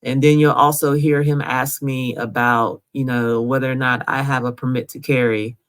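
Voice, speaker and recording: A woman's voice: extremely low pitch, fairly even intonation, moderate pace. Woman retelling her own story, casual. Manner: conversational, recounting events step by step with frequent "right?". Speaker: podcast host telling her own story. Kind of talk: first-person storytelling over recorded audio.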